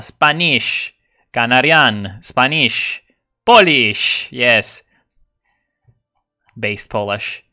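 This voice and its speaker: A man giving live gameplay commentary in a bright, sharp-edged voice. He answers chat, mutters to himself, then bursts out loud and cursing before settling back into quick remarks. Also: mid-range voice, smooth. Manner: excitable, profane, jumps between mumbling and shouting. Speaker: game streamer.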